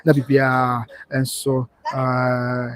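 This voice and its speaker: A man's voice: mid-range voice, completely flat delivery, takes it slowly, crowd noise. Ghanaian man hosting a live stream. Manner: reads out viewer messages and thanks them. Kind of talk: casual live-stream chat reading viewer comments.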